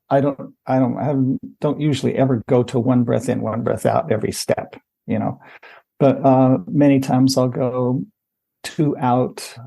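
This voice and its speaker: A man talks as a podcast interview guest, his voice gravelly and mellow with a husky edge. He explains things in a relaxed, unhurried way and often drops in casual "you know" asides. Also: mid-range voice. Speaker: podcast guest, running coach.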